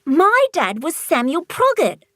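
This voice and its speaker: A woman reading as a small, earnest witch girl, voice pitched up high, dry close sound. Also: sing-song, unhurried, dry recording. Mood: gentle. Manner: high, urgent pleading.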